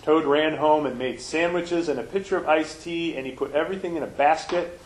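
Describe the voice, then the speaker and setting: A man leading a church service and reading a children's story aloud, in a gentle, lively manner. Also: a little high, a little fast, a little hiss or hum. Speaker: worship leader. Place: church hall. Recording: roomy church echo.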